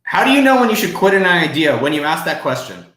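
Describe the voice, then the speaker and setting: Man, live stream host, casual and excitable, swears freely, fairly high voice, echoey room. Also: fast.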